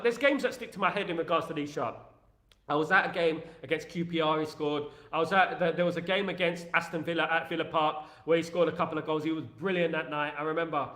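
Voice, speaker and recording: Excitable man, bright and echoey. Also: a little high, fast. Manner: rambling, jokey, excitable banter. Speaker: host. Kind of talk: casual chat.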